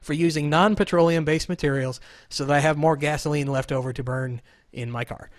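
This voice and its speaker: Guy hosting a chat over video call, kinda high voice, dry sound, rambles and jokes. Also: fairly even intonation, a little fast, no room sound. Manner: joking, rambling, self-deprecating. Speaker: podcast host.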